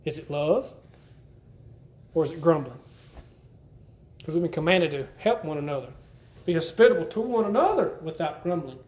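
High-voiced preacher in a roomy church. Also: male voice, animated, normal speed, pauses often, darkish tone. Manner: conversational, repeats himself, asks the congregation questions. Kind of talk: sermon.

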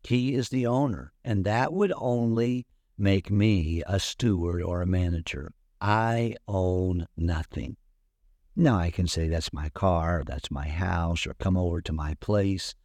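A man's voice: deep voice, a little slow, dry recording. A man preaching a sermon and telling stories, acting out the people he quotes. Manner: storytelling with animated acted-out quotes. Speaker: pastor.

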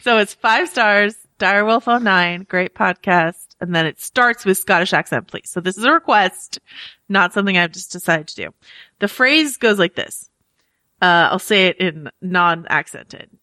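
A woman's voice: mid-range voice, moderate pace, bright, forceful tone, dry recording. A woman co-hosting a podcast in casual chat. She is chatty and self-mocking, laughing often as she reads out listener reviews. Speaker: podcast co-host.

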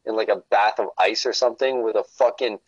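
A man's voice: lowish voice, fairly even intonation, fairly quick, no room sound. Man, podcast guest, rambling profane stories, dull lo-fi sound, dry. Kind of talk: casual chat.

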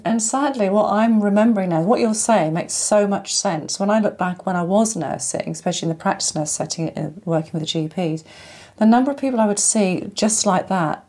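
A woman's voice: mid-range voice, a little mellow. A woman hosts a podcast interview with a mid-range voice. She reflects on her guest's points and ties them back to the mind. She also poses questions she expects listeners to have. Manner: reflective, draws links to the mind. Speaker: podcast host.

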